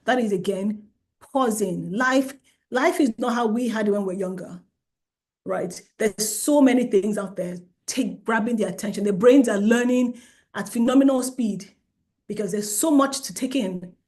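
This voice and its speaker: A middle-aged woman and child development specialist giving an animated talk to parents, acting out the voices of parents and children as she goes. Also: mid-range voice, moderate pace.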